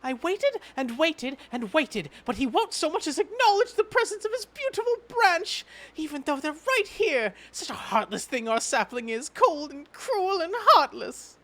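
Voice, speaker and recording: A man's voice: very high-pitched, big pitch swings, moderate pace, few pauses, a bit bright, voice pushed up, full character voice. A man putting on a dramatic fairy voice. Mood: mock hurt. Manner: sweeping, dramatic, sing-song delivery. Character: grandiose doting fairy, theatrical and teasing.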